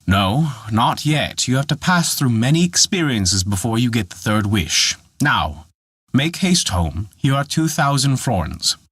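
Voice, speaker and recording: A man's voice: medium pitch, big pitch swings, a little slow, a bit bright, husky, no echo, clean studio sound, exaggerated voice. A man voicing a tiny old forest dwarf made of glass who lectures and scolds in an exasperated way. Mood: scolding.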